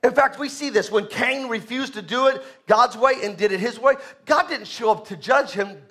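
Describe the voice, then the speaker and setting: High, bright-voiced preacher man. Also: normal speed, hardly any pauses. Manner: swings from hushed low asides to shouted high exhortation; calls for congregation responses. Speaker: pastor. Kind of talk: sermon.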